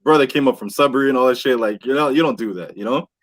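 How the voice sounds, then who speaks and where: A man telling a wild story on a casual podcast with friends, animated and swearing, acting out what people said. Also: medium pitch, fast. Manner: animated, swears a lot, acts out quotes. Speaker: podcast host. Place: indoor podcast room with friends.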